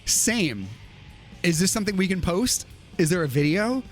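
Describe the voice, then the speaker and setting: A man's voice: high voice, fairly quick. A man hosting a livestream, chatting casually and reading viewer comments aloud, laughing often. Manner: animated, laughs often, lively. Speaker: livestream host. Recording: faint music behind.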